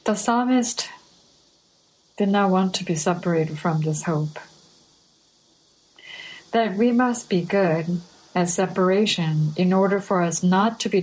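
A woman preaching a sermon, reading scripture in a measured, deliberate way. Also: lowish voice, darkish tone, rough recording.

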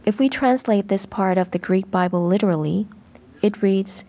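A woman reading a translated sermon in a measured, even way. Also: medium pitch. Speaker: voice-over reader of a sermon.

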